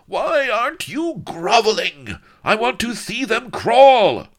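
A hissing, lisping madman of a viceroy, as a male narrator puts him on, gloating in cruelty and then shooting up into shrill screaming fits. The pitch leaps wildly, and the underlying voice is deep with a gravelly edge. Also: lively intonation, a little slow, exaggerated voice. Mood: shrieking rage. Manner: sadistic, swings to shrill screams. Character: mad, lisping, obese tyrant viceroy man. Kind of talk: audiobook character voice.

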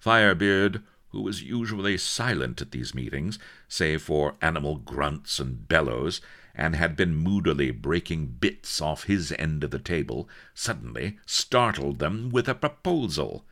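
A man narrates a comic pirate yarn in a very deep, gravelly voice. His delivery is dry and wry, with a bright edge to the tone. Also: expressive, measured pace. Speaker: reader.

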